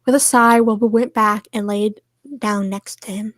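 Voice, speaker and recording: A woman reading fan fiction aloud to friends on a stream, steady and soft in the sad parts. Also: mid-range voice, moderate pace, dry recording.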